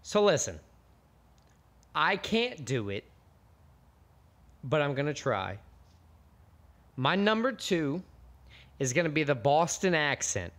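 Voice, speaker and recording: A man's voice: fairly high pitch, big pitch swings, takes it slowly, long pauses, a bit bright. An American man co-hosting a podcast, chatting casually and rambling with restarts. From United States. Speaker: podcast co-host. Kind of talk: casual chat.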